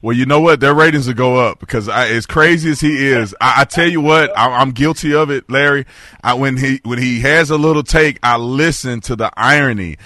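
Animated male talk show host. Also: mid-range voice, fairly quick, dry recording, studio quality. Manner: animated, laughs often.

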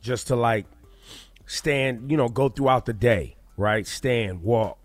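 A man's voice: medium pitch, slow pace, no room sound, soft background music. A man hosting a morning radio show, joking bluntly and rambling loosely in casual banter from a studio mic. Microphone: studio microphone.

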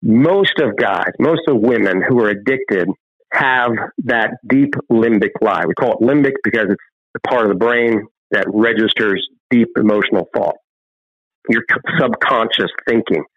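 A man's voice: on the low side, normal speed, no room sound, highs cut off. A man, a guest filmmaker and ministry founder, telling a scripture story in an impassioned preaching style and acting out its voices.

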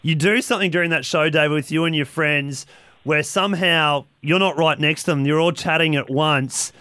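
A male breakfast radio host with a bright, sharp voice. He sounds upbeat and promotional, a little high for a man. The sound is dry and close. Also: normal speed, no echo. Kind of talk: radio interview.

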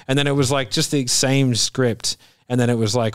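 A man's voice: medium pitch, fast, hardly any pauses, no room sound. A man in casual podcast conversation who tells stories with energy, acting out what other people said and laughing as he goes. His voice sits in a middle register. The sound is dry and close to the mic. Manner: animated storyteller, acts out quoted voices with laughs. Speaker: podcast host. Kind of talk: casual chat.

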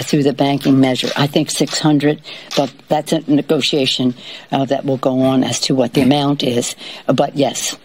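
A woman politician answering reporters' questions at a press conference, halting with many fillers and restarts. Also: a bass voice, a little mellow, slight background noise.

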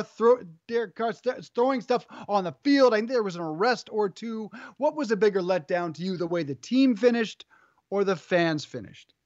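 A man hosts sports radio in a brisk, upbeat, teasing way. His voice sits high. The recording is dry and a little muffled. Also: no echo.

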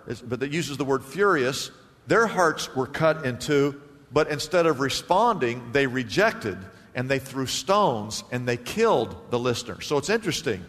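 A male pastor preaching a sermon with strong emphasis, swinging between loud declarations and hushed passages, in a church. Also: fairly high pitch. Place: church sanctuary. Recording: long hall reverb.

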